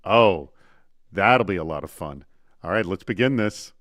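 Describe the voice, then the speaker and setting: A man hosting a live online talk show, chatty and energetic as he runs through announcements and introduces guests. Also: sits low, a little slow, dry recording.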